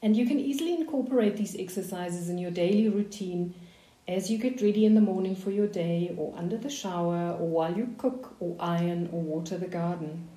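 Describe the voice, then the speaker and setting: A woman leading a voice warm-up lesson, giving slow, calm, soothing breathing guidance. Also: on the low side, reverberant. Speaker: voice coach. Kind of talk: guided voice warm-up instruction.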